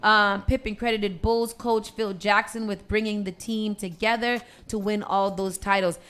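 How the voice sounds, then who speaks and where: A woman's voice: medium pitch, steady tone, moderate pace, a bit bright, smooth. A woman hosting a morning radio show, reading entertainment news and riffing on it with sassy commentary. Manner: reads news items then riffs with sassy commentary. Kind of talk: casual morning radio chat.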